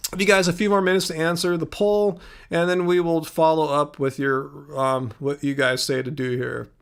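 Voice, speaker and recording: Male livestream host with a higher voice, blunt and exasperated toward trolls. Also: fairly bright tone. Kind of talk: casual livestream chat.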